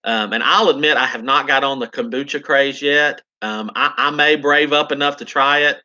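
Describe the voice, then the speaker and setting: A man's voice: mid-range voice, normal speed, sharp tone, dull audio. A man with a South Carolina Southern accent, chatting casually with viewers on a live stream and answering their comments in an upbeat, drawling way. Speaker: gardening channel host.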